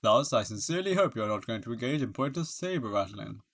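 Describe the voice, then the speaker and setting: A man's voice: medium pitch, expressive, fast, fairly bright tone, voice pushed down. A man voicing a cold, arrogant young female prosecutor in a put-on English accent. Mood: haughty.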